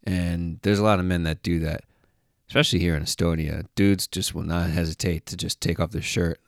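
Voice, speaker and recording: A man's voice: low voice, steady tone, brisk, dry recording, studio quality. A man talking casually to camera as a travel vlogger, joking and sarcastic, with a rambling, offhand way of talking. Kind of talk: casual monologue.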